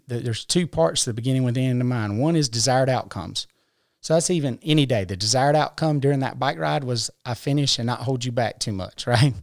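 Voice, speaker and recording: A man's voice: medium pitch, no echo, studio quality. A man talking in a casual conversation, explaining his ideas earnestly, step by step, with everyday examples. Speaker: podcast guest. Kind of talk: casual conversation about personal growth.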